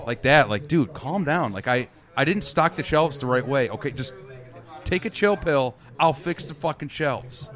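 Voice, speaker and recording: A man chiming in with blunt, profane quips on a comedy panel. His voice sits at a medium male pitch. He talks in easy, casual chat. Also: expressive, fairly bright tone. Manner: blunt, profane, quick reactions.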